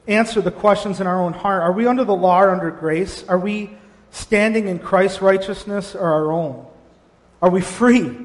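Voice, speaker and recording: A middle-aged man, a pastor preaching a sermon, telling stories in an animated way with frequent restarts. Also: sits high. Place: church sanctuary. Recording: long hall reverb.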